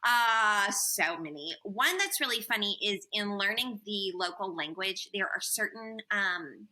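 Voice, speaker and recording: A woman guest on a podcast interview, telling stories in an animated way with "um" and "man" fillers. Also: mid-range voice, unhurried, rough recording. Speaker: podcast guest, former missionary. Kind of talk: casual interview storytelling.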